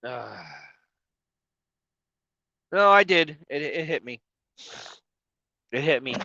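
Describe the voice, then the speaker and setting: A man's voice: a little high, expressive, slow pace, vocal fry, sharp tone, no echo, highs cut off. A man live-streaming from his truck cab, crying and sniffling as he talks emotionally, swearing and apologizing. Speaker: trucker livestreamer. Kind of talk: casual live-stream talk.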